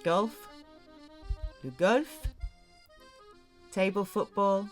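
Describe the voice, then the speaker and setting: A woman teaching a French lesson, speaking slowly and deliberately as she drills vocabulary. Her voice sits low for a woman. Each word is set out clearly, with room to repeat it. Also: animated, faint music behind. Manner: slow, deliberate drilling of words. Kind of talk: language lesson.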